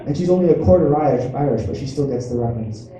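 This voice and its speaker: A man's voice: mid-range voice, expressive, very fast, heavy background noise. A man doing a stand-up comedy set, rambling and self-mocking as he acts out little voices. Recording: echoey room picked up from a distance.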